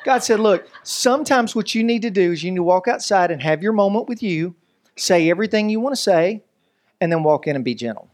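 A man, preaching a lively, joking sermon as pastor. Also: high-pitched, fairly quick. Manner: animated, joking, preacherly delivery with voices and asides.

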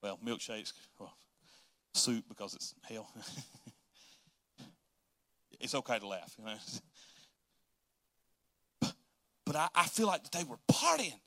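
Bright-voiced, joking preacher. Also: male voice, mid-range voice, very animated, takes it slowly, pauses often, dry recording. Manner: casual, joking, repeats words as he restarts. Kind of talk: sermon.

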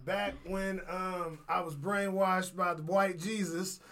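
A man in his thirties from St. Louis, a guest comedian chatting casually on a podcast, laid-back and quick to laugh. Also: high-pitched, fairly even intonation, very noisy. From St. Louis, USA.

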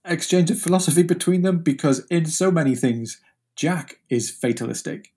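A man's voice: on the high side, normal speed, mellow, husky. A man co-hosting a podcast, talking through a novel in a thoughtful, casual way with frequent restarts. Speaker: podcast co-host. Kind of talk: casual book discussion.

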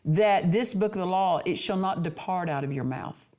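A woman delivers a sermon in a fairly low voice. She is earnest and emphatic, driving points home by repeating phrases. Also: lively intonation, moderate pace, mellow. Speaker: preacher.

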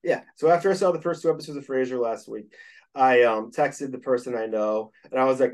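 A man's voice: mid-range voice, a little fast. A man who is a guest on a podcast, chatting casually and eagerly. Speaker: guest musician. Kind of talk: casual chat.

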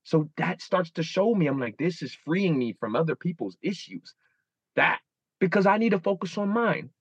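A man's voice: on the high side, expressive, moderate pace, breathy edge, no room sound, lo-fi sound. A man in his thirties, a guest in a casual interview, telling stories animatedly and acting out his own inner dialogue. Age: 30s.

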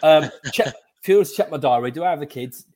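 A middle-aged man, co-hosting a casual football podcast and talking in an animated, joking way. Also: a little high, quick pace, a little hiss or hum. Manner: animated, jokey, puts on silly foreign-player voices. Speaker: podcast co-host.

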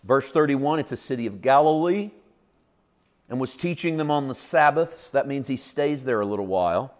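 A man's voice: medium pitch, normal speed. A man preaching a sermon as pastor, teaching earnestly and building to emphatic points. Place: church.

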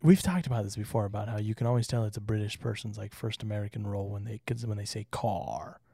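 Casual male podcast co-host from Utah, gravelly and husky, playful and quick to laugh. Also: lowish voice, mellow, no echo, studio quality. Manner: joking, laughs often, reads notes aloud. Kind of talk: casual chat with reading.

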